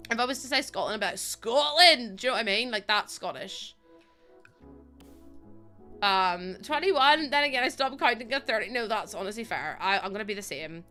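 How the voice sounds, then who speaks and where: Bright, giggly Northern Irish woman. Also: mid-range voice, animated, a little fast, soft background music. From Northern Ireland. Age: 20s. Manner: chatty, giggly, answers chat. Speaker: streamer. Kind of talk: casual live-stream chat while gaming.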